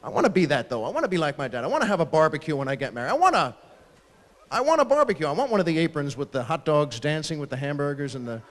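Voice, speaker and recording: Animated stand-up comic in a big hall. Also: male voice, a little high. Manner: animated, acting out family members in quick asides. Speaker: stand-up comedian. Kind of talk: stand-up routine. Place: large ballroom stage at a live fundraiser. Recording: long hall reverb from a large ballroom.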